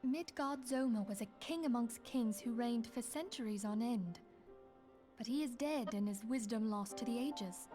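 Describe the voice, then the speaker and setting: An actress voicing a solemn, wise woman scholar in a video game, speaking in a grave, measured way. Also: on the high side, darkish tone, lightly acted. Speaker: game character. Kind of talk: game voice acting.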